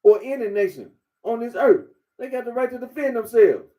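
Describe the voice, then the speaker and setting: A man's voice: extremely high pitch, expressive, brisk, dark tone. A man giving a blunt, repetitive monologue, lecturing the listener directly. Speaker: commentator. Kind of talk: casual monologue.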